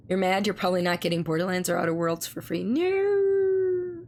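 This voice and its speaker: A hoarse woman with laryngitis, chatting casually with her stream viewers and reading their messages aloud, speaking slowly to spare her voice. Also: fairly low pitch. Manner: reads viewer messages aloud and answers them. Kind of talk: casual live-stream chat.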